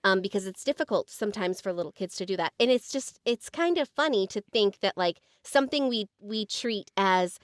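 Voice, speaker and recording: An American woman on a podcast, speaking casually and often pausing on "um" and "like" while she gathers her thoughts. Her voice sits at a middle pitch, and the recording is dry and close. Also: animated, no room sound. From United States. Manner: hesitant, many "um" and "like". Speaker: podcast co-host, former special-education teacher. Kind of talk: casual chat.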